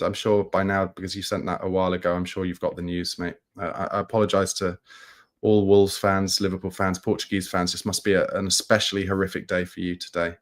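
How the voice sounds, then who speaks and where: Low-voiced man hosting a somber livestream. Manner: somber, halting, with many restarts. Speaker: football channel host. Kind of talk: live-stream chat reading viewer comments.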